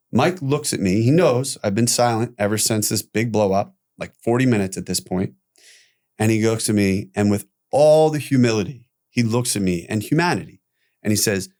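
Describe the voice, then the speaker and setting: A man speaking as a guest on an interview show, telling his story with animated energy and frequent swearing. His voice sits at an ordinary middle pitch. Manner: animated retelling with profanity, acting out quoted voices. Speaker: podcast guest.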